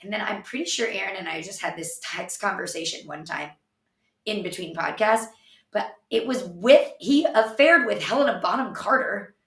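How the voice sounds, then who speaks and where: A woman's voice: mid-range voice, normal speed. A woman co-hosting a podcast in casual chat, telling rambling stories full of fillers. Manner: rambling, filler-heavy storytelling. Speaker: podcast co-host. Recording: echoey room, distant mic.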